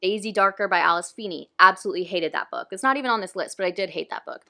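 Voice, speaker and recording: A woman's voice: medium pitch, quick pace, pushed and bright. A young woman reviewing books in casual, ranting chat, full of "like" and fillers. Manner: chatty, frequent "like", ranting. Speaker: book reviewer.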